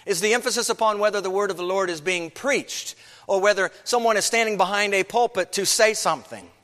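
A man's voice: sits high, a little fast, fairly bright tone, in a large hall. A man preaching a sermon as pastor, earnest, with many rhetorical questions.

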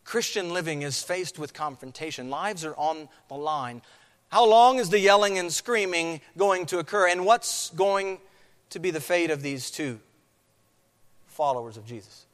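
A man's voice: fairly high pitch, unhurried, a bit bright. A man preaching a sermon on a scripture passage, acting out crowd chants. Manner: dramatic, acts out crowd chants. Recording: long hall reverb.

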